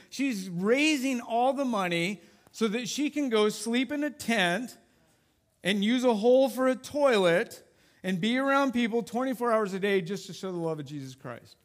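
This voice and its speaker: A man's voice: very high voice, a bit bright. A man preaching a sermon to a church congregation as a youth pastor, conversational and self-deprecating with plenty of jokes.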